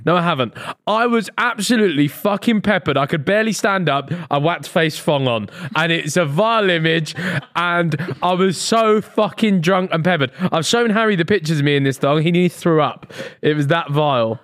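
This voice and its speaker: A young man co-hosting a podcast, his voice sitting a little high. He talks casually, swears freely and laughs a lot. It sounds close and dry, like a studio mic. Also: normal speed, fairly bright tone, no room sound. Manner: sweary, jokey, laughs often. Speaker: podcast co-host. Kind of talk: casual chat.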